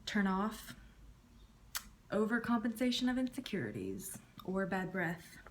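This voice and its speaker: Woman in her 30s chatting through a youtube tag video, pretty low-key, voice drops at the ends, a little hiss behind. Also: sing-song, measured pace. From Southern United States. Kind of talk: casual tag video answering questions.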